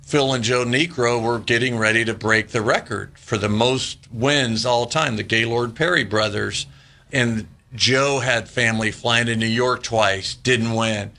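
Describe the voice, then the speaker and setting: Man, 60s, ex-ballplayer guest; bright forceful voice, lively storyteller who laughs a lot. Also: medium pitch, measured pace, vocal fry. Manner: animated anecdotes, laughing often. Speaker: former baseball player, guest. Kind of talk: casual storytelling interview.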